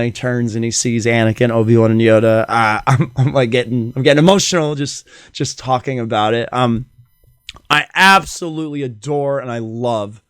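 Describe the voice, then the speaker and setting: A man's voice: mid-range voice, fairly bright tone, clear, resonant tone, no echo, clean studio sound. A middle-aged man hosting a casual solo podcast, rambling enthusiastically with many fillers. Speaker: podcast host.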